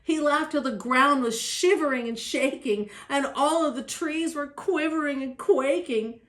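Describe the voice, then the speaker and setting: An older woman, a grandmother, reading a rhyming picture book aloud in an expressive, sing-song way. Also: high-pitched, measured pace. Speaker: grandmother storyteller. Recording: roomy echo.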